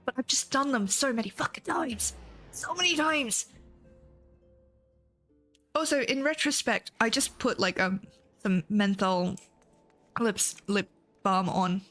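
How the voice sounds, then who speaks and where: A woman's voice: on the high side, unhurried, long pauses, fairly bright tone. A young adult woman streaming a game, chatting casually and animatedly, with frequent swearing. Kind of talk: casual live-stream chat. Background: game music.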